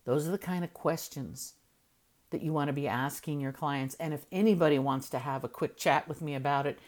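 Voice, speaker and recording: A woman's voice: sits low, a little mellow. A middle-aged woman hosting a weekly motivational talk, encouraging listeners and repeating key phrases for emphasis. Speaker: host of a weekly motivational show.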